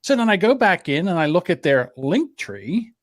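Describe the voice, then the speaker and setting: A man from New Jersey telling a story in casual chat, opinionated and lively. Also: high voice, normal speed, dry recording, studio quality.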